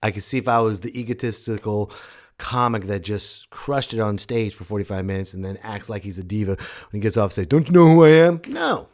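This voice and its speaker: A man in his thirties hosting his own podcast, talking loudly and casually in a rambling, jokey way with sudden shouted bits. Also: on the low side, steady tone, a little fast. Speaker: podcast host. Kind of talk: casual solo podcast monologue.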